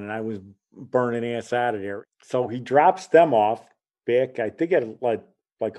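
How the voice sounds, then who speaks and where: A middle-aged man from Chicago telling a personal story in a casual way, acting out the voices of the people in it. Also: mid-range voice. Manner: animated, acts out the voices in his story.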